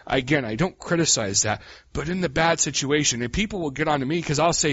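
A man preaching a sermon in a folksy, animated way, calling his listeners "guys" and swinging from quiet asides to loud cries. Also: on the high side, fairly quick, slightly rough, no room sound, lo-fi sound.

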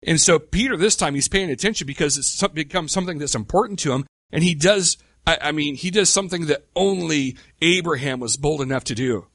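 A middle-aged man preaching a sermon in a conversational way, with rhetorical questions and slow, emphatic pauses. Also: fairly high pitch, a bit bright, no room sound, clean studio sound. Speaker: pastor.

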